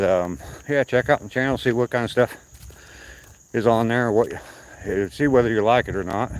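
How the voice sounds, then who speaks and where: A man's voice: lowish voice, slight background noise, poor audio. An older man with a slight Southern accent, chatting casually with viewers on a live stream while out on a walk, rambling from topic to topic. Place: outdoors at night on a walk.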